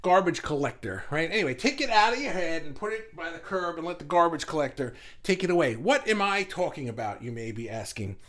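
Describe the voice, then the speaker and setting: A man's voice: a little high, very animated, brisk, hardly any pauses, a bit bright. A middle-aged man hosting a casual livestream for an online group. He talks in a rambling, chatty way and restarts his sentences often.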